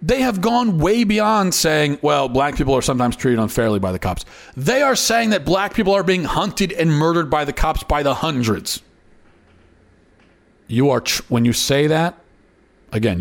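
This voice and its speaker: A man hosting a political commentary show, arguing in an emphatic monologue that climbs into indignant outbursts, often repeating and restarting words. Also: medium pitch. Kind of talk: opinion monologue.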